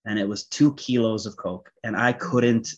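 A man's voice: on the low side, fairly even intonation, moderate pace. A man who is a podcast guest, telling a personal story casually and with animation, laughing often and saying "like" a lot. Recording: slightly dull lo-fi audio.

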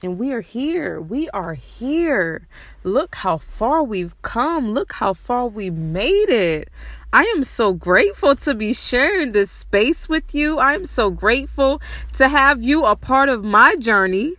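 Slow, soft-spoken woman giving heartfelt affirmations. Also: on the high side, sing-song, dry recording. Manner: slow, repetitive, soothing affirmations; emotional, tearful at times. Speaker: podcast host. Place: outdoors at night.

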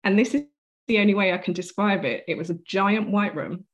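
A woman's voice: mid-range voice, fairly quick. A woman guest on an interview, telling a personal story earnestly and vividly, acting out what was said. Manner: earnest, vivid retelling with acted-out quotes.

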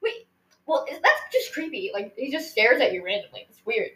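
A woman's voice: a little high, big pitch swings, a little fast, fairly bright tone, echoey room, low-quality recording. A teenage girl hosting a podcast, telling stories in a giggly, rambling way with lots of fillers. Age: teens. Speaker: podcast host. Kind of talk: casual storytelling chat.

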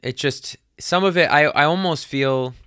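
A man's voice: on the high side, moderate pace, a bit bright, clear, resonant tone, dry recording, studio quality. A young adult man hosting a podcast, musing in a casual solo monologue that rambles with many fillers and casual swearing. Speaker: podcast host.

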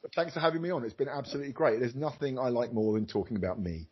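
A man, a former radio DJ, telling stories in a lively, self-mocking way on a podcast. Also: medium pitch, racing, heavy background noise. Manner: animated, jokey, self-mocking, acts out voices. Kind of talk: casual storytelling chat. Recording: dull lo-fi podcast audio.

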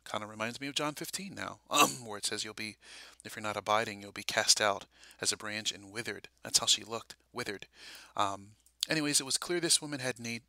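A man recounting a dream and tying it to scripture, halting with many fillers and restarts. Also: medium pitch, creaky, pushed and bright, dry recording. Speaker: religious video speaker.

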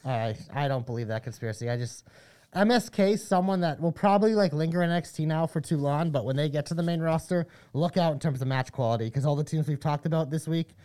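A man's voice: fairly high pitch, darkish tone, clear, resonant tone. A man co-hosting a casual wrestling podcast, reading out plugs and giving his takes with energy. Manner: upbeat, reads plugs quickly. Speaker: podcast co-host.

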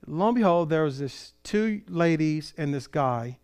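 A middle-aged man preaches from California roots, telling a story and acting out the voices of the people in it. His voice sits a little high. He shifts between a lively telling and a quieter, prayerful delivery. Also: unhurried, clean tone. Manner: animated storyteller, acts out quoted voices. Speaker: pastor. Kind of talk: sermon storytelling.

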